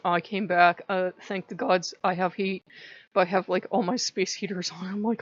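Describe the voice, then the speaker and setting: A woman's voice: fairly low pitch, normal speed, dry recording. Chatty woman with a dull lo-fi sound. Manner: chatty, laughing, animated storytelling. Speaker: vlogger. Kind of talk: casual chat to camera. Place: at home.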